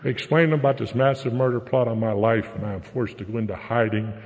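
A man's voice: medium pitch, fairly even intonation, fast talker, darkish tone. Older man from Pittsburgh area, blunt recovery-meeting speaker, keeps asking "okay?"; echoey hall, dull lo-fi. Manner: blunt, plain-spoken, tags lines with "okay?". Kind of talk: personal recovery testimony.

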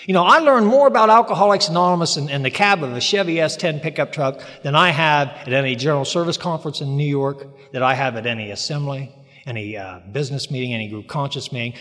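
Man, high voice, folksy speaker, long hall reverb. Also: fast talker, a bit bright. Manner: plainspoken, humorous, emphatic retelling. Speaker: speaker sharing recovery story. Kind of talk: folksy storytelling talk.

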